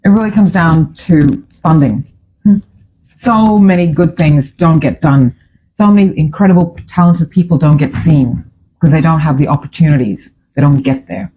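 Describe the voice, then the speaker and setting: A woman's voice: low voice, moderate pace, warm tone, breathy edge, poor audio. A woman hosting a casual talk show from a studio, chatty and opinionated, often drifting off on tangents. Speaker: show host.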